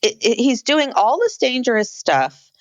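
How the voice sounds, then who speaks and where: A woman's voice: on the high side, unhurried, no echo, highs cut off. A woman co-hosting a podcast, chatting casually and animatedly as she recaps a reality show. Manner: animated, exclaims about frantic scenes. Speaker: podcast co-host.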